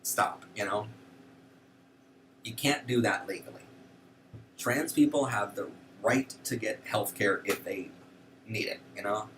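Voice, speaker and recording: A man's voice: on the low side, a little slow, long pauses, distant mic, a little hiss or hum. A man hosting a show, giving casual, indignant political commentary with lots of fillers. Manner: animated, indignant, frequent fillers. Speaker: show host.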